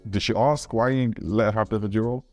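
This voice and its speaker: A man's voice: on the low side, fairly even intonation, fast talker, darkish tone, faint music behind. A man hosting a podcast interview, reacting briefly and asking short questions. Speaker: podcast host.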